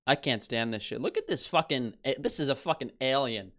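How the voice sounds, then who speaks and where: A man's voice: medium pitch, lively intonation, brisk, a bit bright. Profane ranting male streamer. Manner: profane, scornful, reads headlines aloud. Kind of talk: casual ranting commentary.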